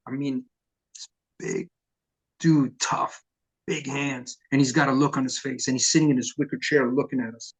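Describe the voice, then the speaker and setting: A middle-aged man, a punk vocalist telling profane, lively stories in an oral history interview. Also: mid-range voice, normal speed, long pauses, breathy edge. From New York. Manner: profane, animated storyteller who acts out quotes.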